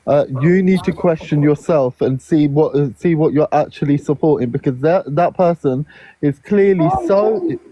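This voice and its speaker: A man speaks haltingly, pausing often on filler sounds. His voice is dark and mellow, recorded dry and close. He sounds like he is on a casual live stream. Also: fairly high pitch, no room sound, rough recording. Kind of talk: live chat.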